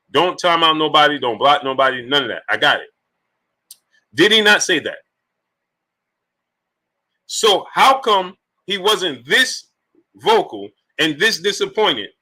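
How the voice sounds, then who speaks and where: A man with a fairly high, sharp-toned voice hosts a boxing talk live stream. He reads out super chats and keeps firing rhetorical questions at the chat.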